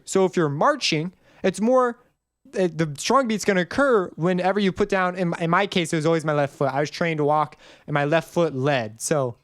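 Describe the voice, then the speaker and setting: A man explains music theory in a casual tutorial, his voice sitting a little high for a man. He talks loosely and rambles, often stopping to correct himself. The recording is dry and close, with no room sound. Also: brisk, no room sound. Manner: chatty, rambling, self-correcting. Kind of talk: casual screen-recorded lesson.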